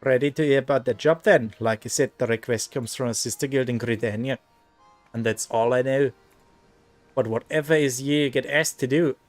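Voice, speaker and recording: A man voicing a gruff middle-aged male guildmaster with rough sailor slang, reading game dialogue aloud. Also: medium pitch, no room sound, lightly acted.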